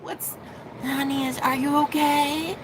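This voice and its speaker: Woman doing a sweet sleepy older mom, soft and puzzled, kinda high. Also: steady tone, slow pace, slight background noise, poor audio. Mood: drowsy worry.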